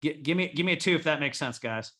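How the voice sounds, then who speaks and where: A man's voice: fairly high pitch, animated, fast talker, fairly bright tone. A man coaching a group of remodelers in a blunt, profane style, rallying his listeners. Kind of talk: coaching talk to a live group.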